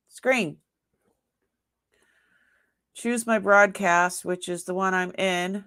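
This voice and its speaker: Live sale host, woman, Boston accent, slow and chatty. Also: mid-range voice, clean tone. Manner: chatty, talks to herself while working the screen; excited squeals when announcing a winner. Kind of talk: live-stream chat.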